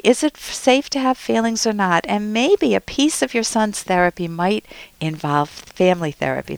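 A woman's voice: mid-range voice, dry recording. A woman hosting a radio advice show as a psychologist, explaining feelings in an earnest, teacherly way. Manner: earnest, explanatory, acts out quoted voices.

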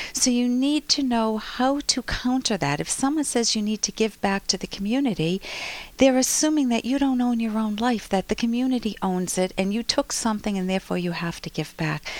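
Earnest woman radio advice host. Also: mid-range voice. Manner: earnest, explains step by step, acts out both sides. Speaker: radio host and clinical psychologist. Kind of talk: call-in advice radio talk.

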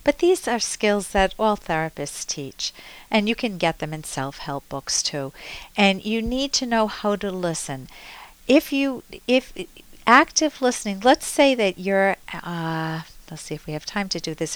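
A woman's voice: mid-range voice, animated, unhurried, fairly bright tone, smooth, dry recording, poor audio. A woman hosting a call-in advice show as a therapist, coaching the caller and acting out sample conversations with him. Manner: coaching, role-plays dialogue with caller. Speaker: radio advice host and therapist.

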